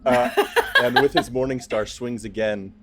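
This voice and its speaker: A man's voice: medium pitch, steady tone, measured pace, fairly bright tone. A man narrating as game master of a tabletop game, easygoing and laughing often.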